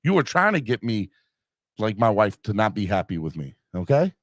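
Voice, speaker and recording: A man's voice: fairly low pitch, sing-song, moderate pace, no room sound, clean studio sound. A middle-aged man hosting a podcast, chatting casually and rambling with fillers and restarts while reading live comments. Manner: rambling, self-deprecating, many fillers and restarts. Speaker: podcast host.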